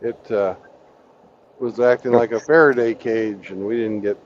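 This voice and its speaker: A man's voice: on the low side, fairly even intonation, unhurried, lo-fi sound. A profane, joking man chatting casually. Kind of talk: casual chat on a live stream.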